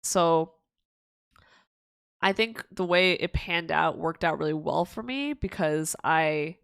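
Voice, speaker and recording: A woman's voice: low-pitched, takes it slowly, gravelly, clean tone, no room sound. A young woman chats casually on a livestream, answering viewer questions. Her talk rambles through restarts and giggles. The sound is dry and close to the mic. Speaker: streamer.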